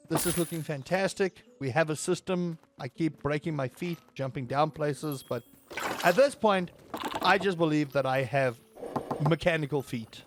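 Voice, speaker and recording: A slightly high-voiced man talks through a game in a playful, theatrical way, with faint music playing underneath. Now and then his voice jumps into high, panicked yelps. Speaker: gaming video creator. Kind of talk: let's play commentary.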